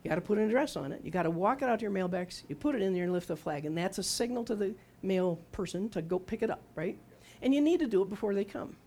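This woman in her sixties has an animated, fast, mid-range voice that's a little mellow. Preaching in a conversational testimony manner, she keeps asking the listeners questions and acts out quotations of what she and God said.

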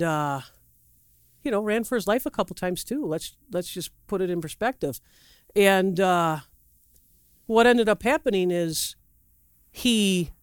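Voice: mid-range voice, smooth, dry recording, studio quality. A preacher giving a sermon in a loose, rambling way, acting out quotes with big swings in the voice and asking the audience questions. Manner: asks the audience questions directly; loose, rambling delivery with restarts and asides.

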